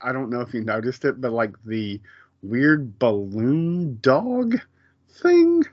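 A man's voice: mid-range voice, sing-song, slow pace, no room sound, lo-fi sound. A man co-hosting a podcast, chatting casually in a rambling way with many fillers and restarts. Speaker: podcast co-host. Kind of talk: casual chat.

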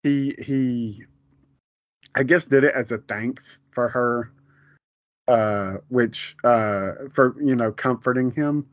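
A man's voice: mid-range voice, takes it slowly, no echo. Rambling man co-hosting a podcast. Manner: rambling, many fillers and restarts, laughs often. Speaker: podcast co-host. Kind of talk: casual chat about a TV episode. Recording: dull, lo-fi home podcast audio.

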